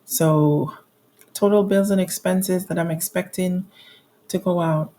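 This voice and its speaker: A woman's voice: lowish voice, fairly even intonation, unhurried, mellow. A woman in her forties talking candidly through her monthly bills, reading out amounts and laughing at her own troubles. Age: 40s. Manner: reads out bill amounts with frequent restarts and fillers. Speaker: budgeting vlogger. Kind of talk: casual budget walkthrough.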